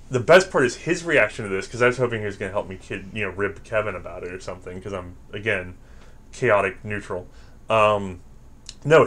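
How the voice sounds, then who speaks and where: A man from the American South with a fairly low voice, swapping stories in an easygoing chat. He is animated, acts out what people said and laughs a lot as he goes. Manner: animated storyteller acting out quotes, laughing often. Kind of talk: casual storytelling chat.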